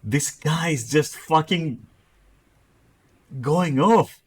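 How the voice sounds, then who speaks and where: A man's voice: on the high side, lively intonation, very slow, breathy edge. Profane mocking male streamer. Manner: profane, mocking, reads chat messages aloud. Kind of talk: casual live-stream chat.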